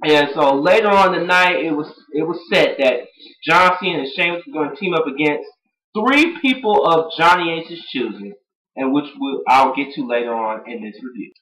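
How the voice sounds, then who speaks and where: Young male reviewer, rambling and excitable, slightly high voice, echoey room. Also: moderate pace. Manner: rambling, excitable, laughs and mimics quotes. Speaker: wrestling show reviewer. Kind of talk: casual recap monologue.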